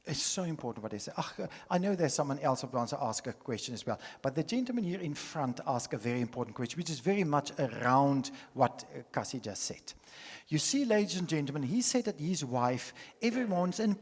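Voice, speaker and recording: A man, a psychologist answering questions at a conference, speaking in an animated, preachy way. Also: on the high side, brisk, breathy edge. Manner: animated, preachy, often saying "ladies and gentlemen". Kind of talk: conference Q&A talk. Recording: reverberant conference hall.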